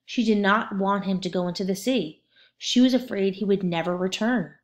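A woman narrating a children's storybook aloud in a steady, expressive way. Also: mid-range voice, normal speed.

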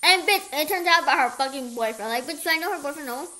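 A woman telling a personal story in a casual storytime vlog, animated, swearing a lot and repeating herself. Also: high voice, fast talker, rough recording. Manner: profane, animated, repetitive retelling. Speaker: storyteller vlogger.

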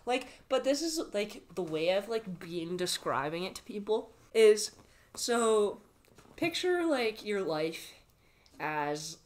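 This young Canadian woman, a podcast guest in her twenties, speaks slowly in a very animated, slightly mellow mid-range voice. Her conversation is easygoing, rambling, full of laughter and filler words.

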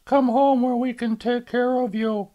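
A man's voice: very high-pitched, fairly even intonation, a little slow, dull audio, voice pushed up. A man voicing a worried middle-aged mother who coaxes and insists. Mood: pleading.

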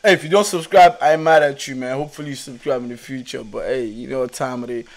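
A man's voice: mid-range voice, steady tone, quick pace. A young man hosting a music reaction channel, talking in casual, hyped commentary full of slang. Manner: slangy and hyped, calls listeners "blood" and "broski". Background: song playing faintly.

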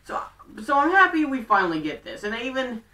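A woman casually recapping a TV show, rambling and talking in quick bursts full of fillers. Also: on the high side, sing-song, sharp tone. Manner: chatty and rambling, fast bursts, many fillers. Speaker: fan video recapper. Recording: roomy, distant from mic.

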